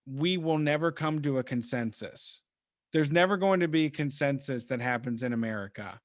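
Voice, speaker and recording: A man co-hosting a podcast, blunt and profane as he lays out his opinions. He has a mid-pitched voice. The recording is dry and close. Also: animated, normal speed, dry recording. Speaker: podcast co-host. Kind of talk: casual chat.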